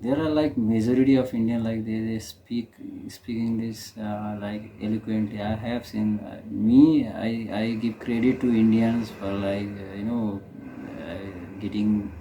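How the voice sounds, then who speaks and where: Hesitant Nepali-accented man, low flat voice. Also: a little slow, a little hiss or hum. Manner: hesitant, many fillers and restarts. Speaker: reaction video host. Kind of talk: casual reaction commentary.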